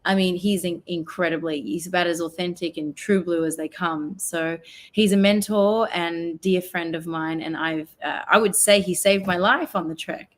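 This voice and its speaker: A woman's voice: lowish voice, fairly even intonation, normal speed. A woman with an Australian accent, a guest on an online talk show, talking earnestly and reflectively and trailing off mid-sentence. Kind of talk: casual interview chat. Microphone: video call.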